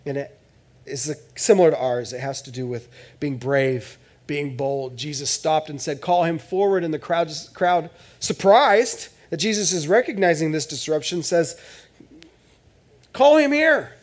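Joking pastor with a higher voice. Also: male voice, moderate pace. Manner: conversational and joking, swinging from loud to hushed. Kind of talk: sermon. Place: church.

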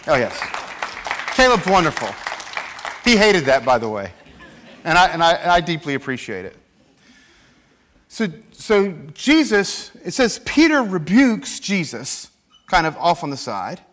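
A man's voice: a little high, a little slow, long pauses, some chatter behind. A man preaching a sermon in a church, acting out scripture quotes as he goes. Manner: animated, acts out scripture quotes. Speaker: pastor.

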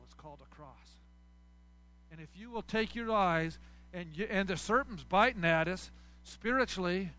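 A pastor delivering a sermon to his church, swinging between loud preaching and soft, quiet asides. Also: high voice.

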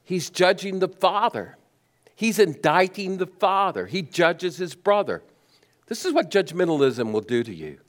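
With a sing-song, unhurried delivery, a man preaches as a pastor. Rhetorical questions fill his sermon, and his voice swings from emphatic highs to quiet, low stress.

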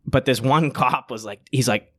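A man's voice: mid-range voice, normal speed. A man, casually telling a rambling, profane story, acting out the quotes. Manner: rambling, profane, animated retelling with acted-out quotes.

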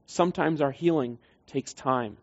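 A man's voice: a little high, a little slow. A man preaching a sermon as pastor in a church, earnest and conversational, putting questions to the congregation. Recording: slightly dull, lo-fi sound.

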